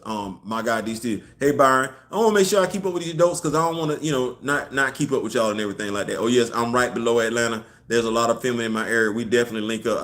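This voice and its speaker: A man hosting a casual live online show, talking emphatically, firing off rhetorical questions and answering viewer chat. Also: medium pitch. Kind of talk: casual live-stream commentary. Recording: echoey room.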